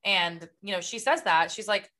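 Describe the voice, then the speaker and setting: A young woman with a bright, forceful voice talks through a fantasy book with her friend on a podcast. She keeps it casual and chatty, slipping into characters' lines as she retells the scenes. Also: mid-range voice, normal speed. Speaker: podcast co-host.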